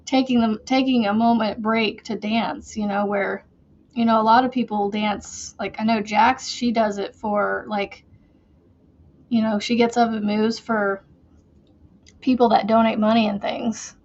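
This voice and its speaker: A woman's voice: fairly high pitch, steady tone, unhurried, a little mellow, muffled recording, slight background noise. A woman hosting a casual crochet livestream from her chair at home, chatty and giggly, a bit out of breath as she talks to viewers. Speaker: crochet channel host.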